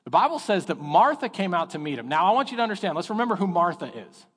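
A middle-aged man preaching a sermon as pastor, telling stories in an animated way and acting out the voices of the people in them. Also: high-pitched, quick pace, husky. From Texas. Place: church sanctuary. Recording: long reverb of a church hall.

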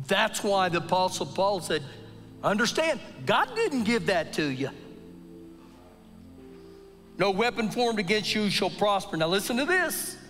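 High-pitched guy preaching live in church, lots of hall echo, acts out the stories, faint music under it. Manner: animated storytelling preacher, acts out quotes. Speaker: pastor. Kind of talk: sermon. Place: church sanctuary during a service.

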